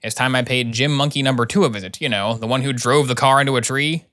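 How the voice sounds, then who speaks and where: A sarcastic middle-aged doctor, voiced by a man in his everyday voice. His delivery is dry and mocking, and he pitches his jokes flat and deadpan at a medium pitch. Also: fast, close to an everyday voice. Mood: sardonic.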